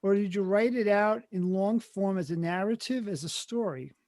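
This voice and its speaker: A man's voice: high voice, moderate pace, a little mellow, dry recording, clean studio sound. A man hosting a cartooning podcast, asking easygoing, rambling questions. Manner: easygoing, filler-heavy questions. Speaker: podcast host. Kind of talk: casual interview questions.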